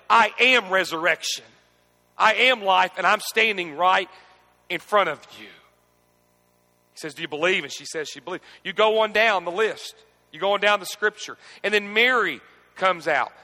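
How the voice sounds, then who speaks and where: A man preaching a sermon, asking the congregation to repeat scripture with him and moving between quiet reflection and emphatic questioning. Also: sits high, long reverb tail. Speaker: pastor. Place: church.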